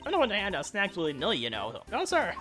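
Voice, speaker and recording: A woman's voice: medium pitch, wildly swooping pitch, fast talker, a bit bright, faint music behind. A woman voicing a nosy, doting old woman who rambles theatrically in a game let's play. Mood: gushing. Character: shrill nosy old woman, gushing and pushy.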